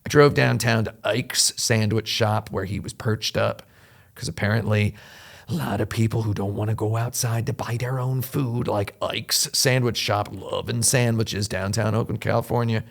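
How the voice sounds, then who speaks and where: Gravelly low-voiced man telling a rambling story. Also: moderate pace. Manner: rambling, animated anecdote with frequent restarts. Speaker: host. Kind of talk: casual storytelling chat.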